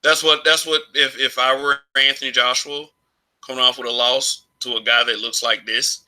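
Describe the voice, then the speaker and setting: Bright-voiced rambling man vlogger. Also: mid-range voice, fairly even intonation, normal speed, rough recording. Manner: rambling, frequent restarts and chuckles. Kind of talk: casual opinion monologue.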